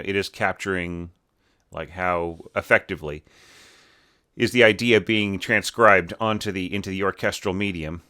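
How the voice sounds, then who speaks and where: A man's voice: low-pitched, bright, forceful tone, clean tone. A man teaching orchestration, talking through a student's score in a loose, unscripted way, full of "you know" and "right?" and restarting his sentences as he thinks aloud. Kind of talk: casual spoken score review.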